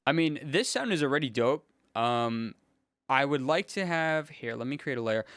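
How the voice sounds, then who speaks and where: A young man, a music producer, casually thinking aloud in a relaxed, slangy way as he builds a track in his home studio. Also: medium pitch, moderate pace, smooth, dry recording. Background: faint synth music playing.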